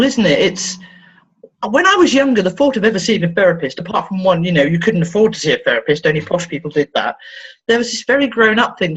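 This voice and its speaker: Animated, slightly husky woman therapist. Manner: playful, acts out quoted voices with big pitch swings. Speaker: therapist and interview guest. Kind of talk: animated storytelling in conversation. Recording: dull lo-fi sound.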